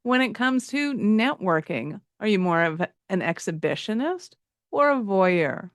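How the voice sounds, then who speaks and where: A woman podcast co-host asking quick-fire questions in a playful way. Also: medium pitch, big pitch swings, no room sound, clean studio sound. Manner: playful, laughs easily.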